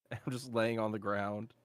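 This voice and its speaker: A man's voice: lowish voice, fairly even intonation, slow, clean tone, dry recording. A man playing a tabletop game, jokey and laughing often. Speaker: player. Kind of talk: casual tabletop game play.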